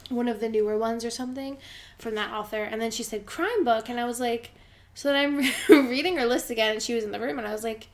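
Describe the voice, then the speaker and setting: A woman's voice: fairly high pitch, fairly even intonation, quick pace. A young woman co-hosting a casual podcast, telling rambling funny stories full of "like" fillers. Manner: chatty storyteller, lots of "like" fillers. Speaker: podcast co-host. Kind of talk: casual chat.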